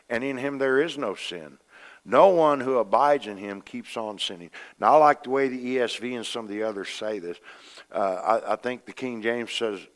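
Man preaching in an echoing church. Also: on the low side. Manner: animated, acts out voices in stories, swings loud and soft. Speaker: pastor. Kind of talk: sermon. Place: church sanctuary. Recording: long reverb of a church hall.

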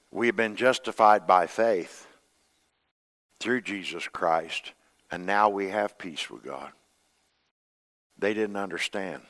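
An older man preaching a sermon as pastor, swinging between loud emphasis and hushed, quiet passages. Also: deep voice.

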